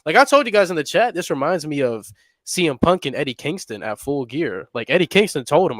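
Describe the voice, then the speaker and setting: A man's voice: fairly high pitch, very animated, a little fast, a bit bright, no room sound. A man co-hosting a wrestling podcast, laying out his opinions at length in casual chat. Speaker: podcast co-host.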